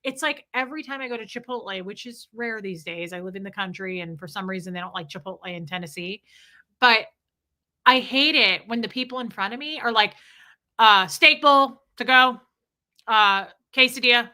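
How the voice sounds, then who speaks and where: A woman, ranting casually to her live stream chat and acting out the people she talks about. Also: medium pitch. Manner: animated, acts out people in quick quoted voices.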